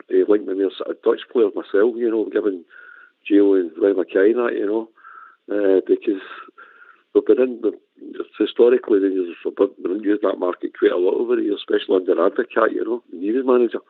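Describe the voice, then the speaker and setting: A man's voice: on the low side, no echo. A man on a radio phone-in, speaking steadily and often saying you know. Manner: measured, lots of you know. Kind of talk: casual phone-in chat. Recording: tinny phone line.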